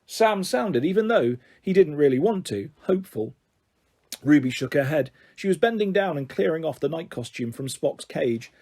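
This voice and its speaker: A male storyteller with a husky voice reading a children's book aloud. His pitch sits a little high and moves a lot, giving the narration a lively, expressive lilt. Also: normal speed. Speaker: audiobook reader.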